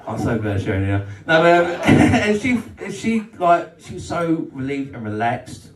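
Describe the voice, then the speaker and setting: An English stand-up comedian performs a crude, self-deprecating set at a comedy night in a club function room, bantering with the audience. His medium-pitched voice is sing-song and a little slow. It's picked up from far off in a roomy live hall.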